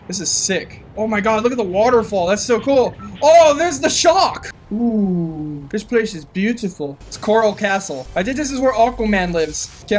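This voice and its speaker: Excitable man narrating gameplay. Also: sits high, slight background noise. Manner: excitable, bursts into loud whoops and shouts; chatty running talk to the viewer. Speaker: gaming channel host. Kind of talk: let's-play gameplay commentary.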